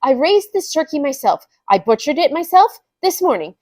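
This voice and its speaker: A woman voicing a frantic, flustered husband who stammers and pleads in a raised, loud voice. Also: high voice, sing-song, normal speed, no room sound, clean studio sound, pitched above the performer's own voice.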